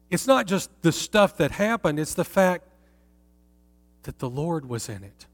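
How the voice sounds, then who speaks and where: A man's voice: fairly high pitch, expressive, moderate pace. A man teaching from the Bible in a conversational way, putting rhetorical questions to his listeners. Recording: long reverb in a hall.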